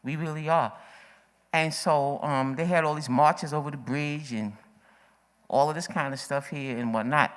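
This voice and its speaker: A woman with a low voice takes the open mic at a community forum. She is a little out of breath, and her remarks are emphatic and repetitive, pressing hard on the urgency. The long echo of a meeting hall surrounds her. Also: moderate pace. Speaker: audience member speaking at a forum. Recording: echoey hall.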